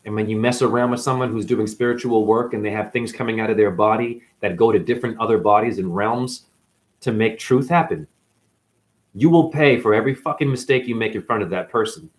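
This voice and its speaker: Talking fairly quickly in a lowish voice, this New England man acts as a spiritual teacher and ex-dancer. His rambling, profanity-laced monologue lurches from mumbles to outbursts.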